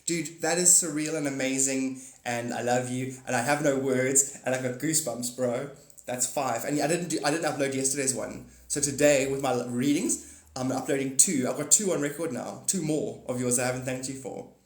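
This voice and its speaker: A man's voice: medium pitch, moderate pace. Man chatting on a roomy live stream. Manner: rambling, jokey, swears and self-corrects. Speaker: live streamer and paid reader. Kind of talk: casual live-stream chat. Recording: roomy echo.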